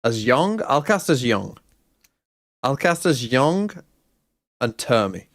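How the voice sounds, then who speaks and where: A man's voice: mid-range voice, very animated, slow, no room sound, studio quality. A man co-streaming an esports match, joking bluntly and swearing as he chats with viewers. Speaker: watch-party co-streamer. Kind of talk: casual esports watch-party commentary.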